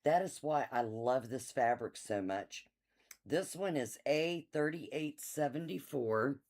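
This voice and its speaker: A woman's voice: a bass voice, lively intonation, slow, a little mellow. A middle-aged woman hosting a live quilt shop sale in her shop, chatty and enthusiastic, laughing often and reading out item numbers. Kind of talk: casual live-stream sales chat.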